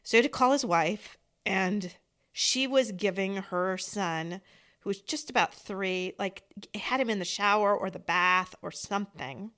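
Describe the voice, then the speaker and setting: A woman podcast host telling a story in an earnest, steady conversational way. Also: medium pitch, a little slow. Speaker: podcast host, bereaved mother.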